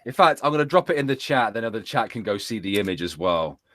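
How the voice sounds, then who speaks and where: A man co-hosting a casual online radio chat, talking in an animated way. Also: fairly low pitch, fast talker, a little hiss or hum. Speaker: co-host.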